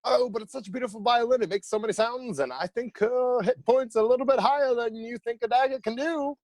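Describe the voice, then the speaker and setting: A man's voice: very high voice, quick pace, a little mellow, no room sound, studio quality. A man playing a chatty, boastful skinny hobgoblin in a tabletop game, teasing and rambling. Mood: playful. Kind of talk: tabletop role-play in character.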